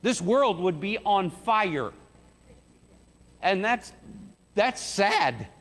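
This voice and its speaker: His words drawn out in a sing-song, fairly bright voice, a man gives a chatty sermon in a church sanctuary. Quotes get acted out with climbing pitch, echoing through the hall.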